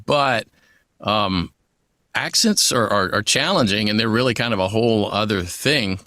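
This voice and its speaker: A man who works as a voice actor, chatting in an interview in a rambling, easygoing way with quick asides. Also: on the low side, lively intonation, pushed and bright, no room sound, clean studio sound. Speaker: voice actor guest. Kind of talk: conversational interview.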